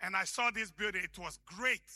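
A male pastor from Africa preaching a sermon, telling stories and shouting key lines for emphasis. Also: sits high, fairly quick, no echo.

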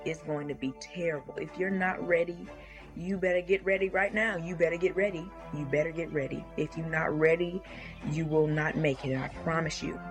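A woman's voice: low voice, steady tone, normal speed, music in the background. A woman giving an urgent, insistent testimony and warning to listeners.

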